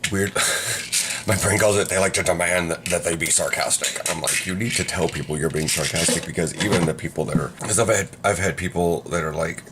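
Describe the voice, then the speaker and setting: Rambling, deep-voiced man chatting to camera. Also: heavy background noise. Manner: rambling, chatty, self-interrupting. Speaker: vlogger. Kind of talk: casual chat to camera. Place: indoors near a counter.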